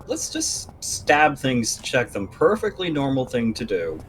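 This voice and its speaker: A man's voice: mid-range voice, big pitch swings, a little slow, a bit bright, slight background noise. Man making dry, wry remarks. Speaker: co-commentator. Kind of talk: casual gameplay commentary.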